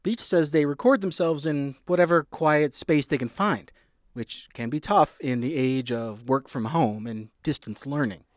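A man reporting a news feature, reading a script in a clear, measured way. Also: fairly high pitch, dry recording, studio quality.

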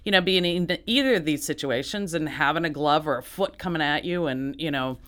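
Woman, artist guest, bright tense voice, halting speech, frequent laughs. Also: sits low. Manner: halting, many restarts, laughs often. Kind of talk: interview conversation.

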